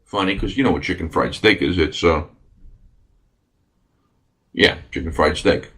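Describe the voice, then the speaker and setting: A man's voice: deep voice, measured pace, fairly bright tone. Rambling, enthusiastic male podcast host. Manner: rambling, enthusiastic, lots of fillers. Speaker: radio host. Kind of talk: casual solo podcast talk.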